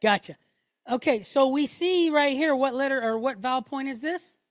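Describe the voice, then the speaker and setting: A woman's voice: sits high, normal speed, no echo. A middle-aged woman teaching a Hebrew class, explaining step by step and checking in with the room after each point. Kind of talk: classroom lesson.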